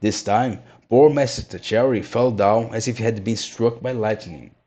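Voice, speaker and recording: A man reading a children's classic aloud in a measured, steady way. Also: lowish voice. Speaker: narrator. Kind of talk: storybook read-aloud.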